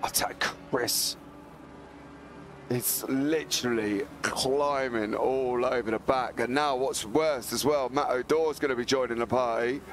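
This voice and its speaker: A hoarse man co-commentating a live sim race, rambling into jokey comic tangents with a croaky voice. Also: mid-range voice, fairly even intonation, unhurried, soft background music.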